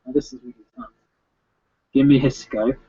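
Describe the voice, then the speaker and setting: A young man rambles through viewer questions in blunt, profane, casual talk. His voice is husky and mid-pitched. The recording sounds dull and lo-fi. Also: big pitch swings, moderate pace, warm tone. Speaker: video host answering viewer questions.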